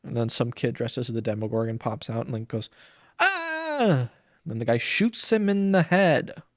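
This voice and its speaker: A man's voice: mid-range voice, moderate pace, no room sound. Young guy ranting on his podcast, crude and rambly, lots of ums, dry close mic. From Saint Paul, Minnesota. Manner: rambling, crude, jokey, slips into silly voices for bits. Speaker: podcast host. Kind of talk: comedic solo podcast rant.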